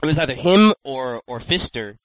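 Animated man chatting about games. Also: mid-range voice, moderate pace, no echo, low-quality recording. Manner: animated, swearing, acts out quotes in exaggerated voices. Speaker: podcast co-host. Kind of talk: casual chat.

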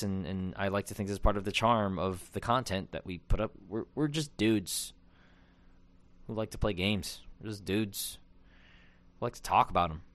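A man's voice: fairly low pitch, clean tone, no echo. A young man hosting a podcast, talking in a loose, rambling monologue full of fillers and self-deprecating asides. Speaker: podcast host.

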